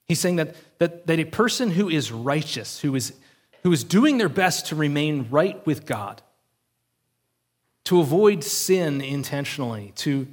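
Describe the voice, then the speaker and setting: A male pastor giving an earnest, conversational sermon and often checking in with the congregation. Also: on the high side.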